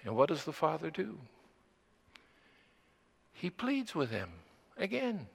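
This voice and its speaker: An older man preaching a sermon slowly and deliberately, repeating phrases for emphasis. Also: fairly high pitch, very animated, vocal fry, breathy edge, in a large hall.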